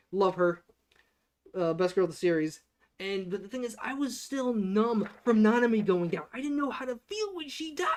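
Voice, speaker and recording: A streamer in casual livestream talk, excitable and rambling, stressing words hard as they react to an anime season. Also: medium pitch.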